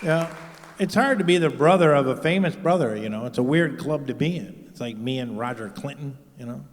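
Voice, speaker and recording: A man's voice: medium pitch, lively intonation, brisk, some chatter behind, slight background noise. A man doing a stand-up comedy set, rambling and crude, with lots of "you know" fillers. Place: live stage show in a large venue. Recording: long-reverb live venue recording. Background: audience laughter.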